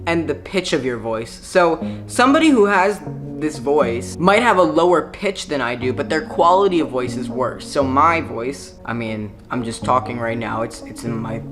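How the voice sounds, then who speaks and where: A man speaks in a relaxed, chatty vlog voice at an ordinary middle pitch. His talk is blunt and loose, full of filler words. Clear music plays behind him. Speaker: YouTuber. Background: background music.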